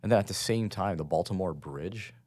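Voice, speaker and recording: A man's voice: sits low, brisk, darkish tone. A man with a sore throat co-hosting a podcast in laid-back, joking late-night chat. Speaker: podcast co-host.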